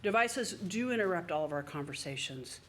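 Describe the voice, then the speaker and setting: A woman's voice: on the low side, animated, normal speed, a bit bright, slight background noise. A woman priest giving a sermon in a conversational way, with the odd filler word. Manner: conversational preaching with occasional fillers.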